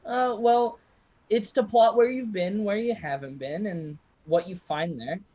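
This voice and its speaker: A man voicing a book-smart young woman adventurer, explaining things patiently, with a raised, louder voice. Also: high-pitched, unhurried, no echo, muffled recording.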